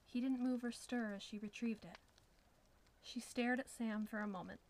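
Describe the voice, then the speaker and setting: A woman with a fairly high voice reads a suspenseful story aloud in a steady, scripted manner. Her pacing builds quiet tension. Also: normal speed, slight background noise, poor audio. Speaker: narrator.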